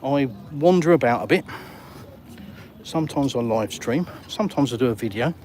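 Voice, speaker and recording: An older English man with an English accent talks casually to his viewers while walking outdoors by the water. He chats in a matey way and reads out comments as he goes. Street noise and passing vehicles are clearly heard behind him. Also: mid-range voice, lively intonation, normal speed, a little mellow. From England. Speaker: vlogger. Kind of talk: live-streamed walk and talk.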